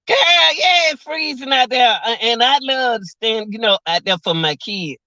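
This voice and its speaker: A woman's voice: fairly high pitch, very animated, measured pace, bright, forceful tone, dry recording, dull audio. A woman of about forty chatting on her vlog, laughing often and joking, outdoors by a car on a cold windy day. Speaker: vlog host. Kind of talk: casual livestream chat.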